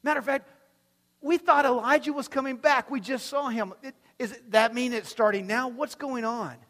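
A man preaching voices a group of bewildered men, loud and flustered. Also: extremely high pitch, normal speed, voice pushed up. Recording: long reverb from a large hall.

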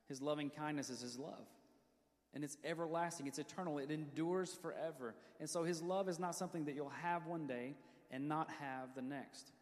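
Pastor guy preaching, mid-pitched voice, tells stories, reads verses slowly, big hall echo. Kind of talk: sermon. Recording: long reverb of a church hall.

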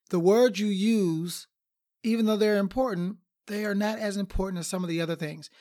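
A marriage counselor giving a teaching talk to listeners, asking many rhetorical questions and repeating key points for emphasis. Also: mid-range voice. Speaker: marriage counselor and podcast host.

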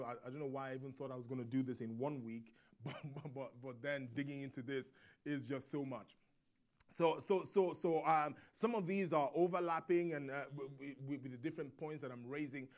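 A man preaching a sermon in a church. He is emphatic, repeats phrases, calls out amen, and restarts his sentences when he thinks aloud. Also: on the high side. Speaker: pastor.

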